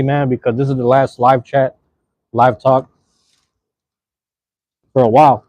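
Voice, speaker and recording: A man's voice: mid-range voice, level tone, a little slow, darkish tone, dry recording. A man chatting casually to his live-stream audience while eating, laid-back and slangy, talking to viewers in the chat.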